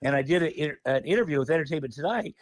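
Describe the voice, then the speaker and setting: Profane, animated man telling a story. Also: fairly high pitch, quick pace, dry recording. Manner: animated, profane, laughing often. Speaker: podcast guest. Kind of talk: casual storytelling.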